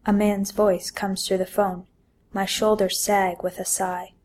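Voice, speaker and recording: A young woman from Ontario, Canada, reading her own first-person story aloud, giving the dialogue lively emphasis. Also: medium pitch, measured pace, slight background noise.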